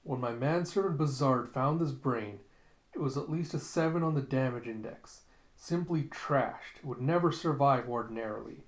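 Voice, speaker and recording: A man voicing a theatrical, gloating male mad scientist who makes grand pronouncements in a raised, louder voice, recorded in a roomy space. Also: mid-range voice, normal speed, close to an everyday voice. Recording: roomy echo.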